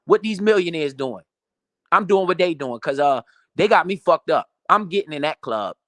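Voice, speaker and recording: A man's voice: on the high side, expressive, normal speed, fairly bright tone, no room sound. A man giving a profane, emphatic motivational rant about money in a casual way. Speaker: motivational finance streamer.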